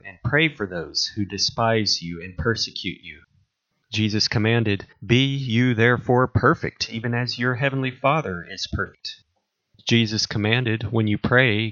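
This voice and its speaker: A man preaching, reading a long series of scripture commands aloud in a measured, solemn way. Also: lowish voice, a bit bright. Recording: dull lo-fi recording.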